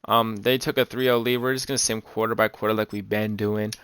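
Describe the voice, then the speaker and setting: A young man calling his own football video game, nervous and excited, swearing and saying "man" and "bro" a lot. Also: on the low side, brisk, clear, resonant tone, dry recording. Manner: hyped, anxious play-by-play, swears, says "man" and "bro" a lot. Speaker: gaming YouTuber. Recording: game music playing loud underneath. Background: video game music.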